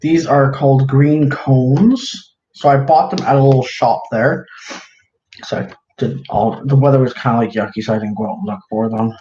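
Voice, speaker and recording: A man's voice: mid-range voice, fairly even intonation, moderate pace. A man chatting casually on a livestream, rambling with lots of fillers as he shows his crafts to viewers. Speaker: live-streaming craft seller. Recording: roomy, dull lo-fi, faint hiss.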